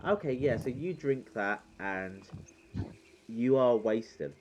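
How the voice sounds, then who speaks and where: Man, game master, playful narration, mid pitch, lively intonation, faint noise behind. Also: takes it slowly, lo-fi sound.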